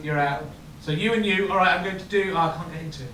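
High-voiced man hosting a live comedy show. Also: quick pace, pushed and bright. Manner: teasing, playful, laughs often. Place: dark venue with live audience. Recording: echoey venue, distant mic, audience noise.

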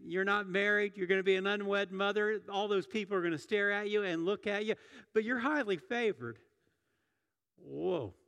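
A man's voice: high voice, flat delivery, brisk, few pauses, fairly bright tone, smooth. A middle-aged man preaching a sermon in a church, conversational, often restarting and repeating words. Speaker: pastor. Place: church sanctuary. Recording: long hall reverb.

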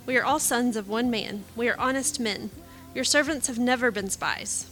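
A woman reading the lines of a group of anxious grown brothers defending themselves, in a measured way. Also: a little high, fairly bright tone, soft background music, natural voice. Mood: pleading.

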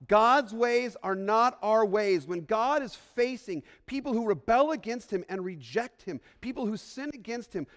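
A man, a pastor, giving an earnest, emphatic Christmas sermon to his congregation, repeating phrases for weight and sometimes restarting a word. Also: sits high. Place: church sanctuary. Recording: long reverb of a large hall.

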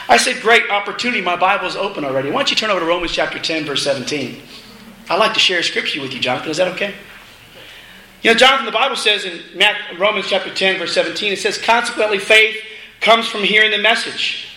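A middle-aged man preaching a sermon, telling a family story in a casual, animated way with laughing asides. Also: sits high, a little fast, long pauses. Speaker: minister. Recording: echoey room with faint noise.

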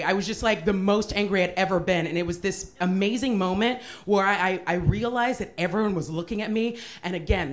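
A woman comedian telling a personal story on a comedy podcast, candid and animated, with plenty of swearing. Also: on the low side. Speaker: comedian guest.

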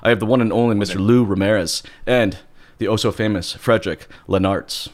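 Low-voiced upbeat male podcast host. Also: fairly even intonation, a little fast. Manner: upbeat, laughs often, joking. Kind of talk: casual podcast chat.

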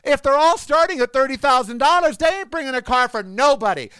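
A man's voice: extremely high pitch, expressive, brisk, few pauses, pushed and bright, dry recording. A man turning sixty, ranting indignantly and sarcastically in a monologue, repeating himself for emphasis. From United States. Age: 50s.

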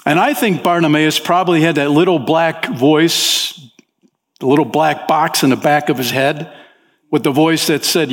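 A man preaching as a pastor, talking with the congregation in an easygoing way and often saying "man", and his pitch rises sharply when he voices desperate pleas. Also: moderate pace. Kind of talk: sermon. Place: church sanctuary. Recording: long hall reverb in a church.

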